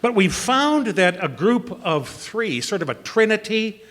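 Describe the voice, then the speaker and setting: A man's voice: high-pitched, very animated, unhurried, a bit bright, long reverb tail, heavily acted. An actor playing a bumbling, eager reporter in a live stage comedy sketch, stammering and fumbling his words. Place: theatre stage.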